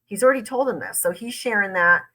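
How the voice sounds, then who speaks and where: A woman's voice: medium pitch, quick pace, sharp tone, low-quality recording. A woman lawyer hosting a reaction video, breaking down an interview point by point. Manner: analytical, emphatic. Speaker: lawyer, host.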